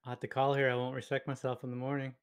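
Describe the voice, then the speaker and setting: A man's voice: mid-range voice, monotone, very fast, smooth. A man chatting casually over an online poker game and laughing easily. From Canada. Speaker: poker streamer.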